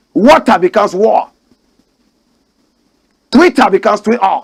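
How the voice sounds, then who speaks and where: Impassioned Ghanaian man, lively high voice. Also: a little slow, pauses often. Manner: preachy, rhetorical questions, repeats for emphasis. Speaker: commentary show host. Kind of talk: impassioned commentary monologue.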